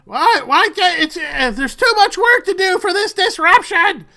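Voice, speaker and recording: A man voicing a harried old storekeeper who sputters out high, agitated complaints. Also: expressive, a little slow, bright, forceful tone, heavily acted.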